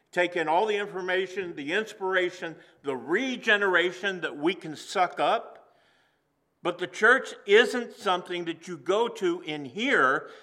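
A man preaching a sermon to a congregation in a church, earnest and slowing down for emphasis. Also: high voice, bright, forceful tone. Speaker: pastor. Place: church sanctuary.

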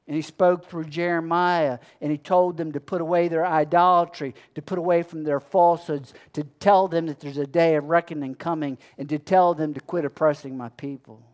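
A man's voice: fairly high pitch, steady tone, moderate pace, few pauses, darkish tone. A man preaching a sermon as pastor, building his points with a rhythm of repeated phrases.

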